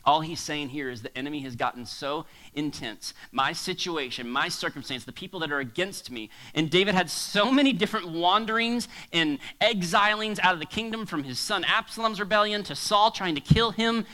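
A male pastor preaching a sermon to a congregation, swinging between hushed asides and near shouts. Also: sits high, normal speed, hardly any pauses, low-quality recording. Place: church hall with a congregation.

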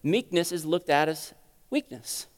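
With lively intonation and no rush, a man preaches in a church sanctuary where long hall reverb trails his words. His style is conversational teaching, full of rhetorical questions, and his volume rises to loud emphasis and falls to quiet lows.

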